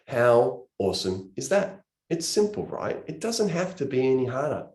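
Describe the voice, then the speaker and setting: Guy giving a heartfelt sales pep talk, normal pitch, kinda echoey room. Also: sing-song, moderate pace, few pauses, a little mellow. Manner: earnest, emotional, gestures with hands. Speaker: network marketing trainer.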